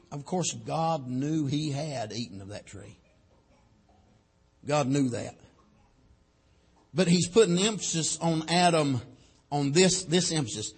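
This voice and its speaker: Male preacher, high husky voice, preaches with big swings from shouting to hushed. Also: animated, a little slow. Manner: swings from loud shouting to low and quiet, punctuated with amen. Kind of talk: sermon.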